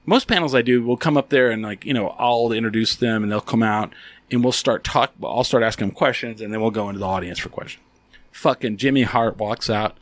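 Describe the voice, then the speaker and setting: A man's voice: medium pitch, a little fast. A man co-hosting a casual chat, telling a story with lots of swearing and acted-out quotes. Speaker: podcast co-host.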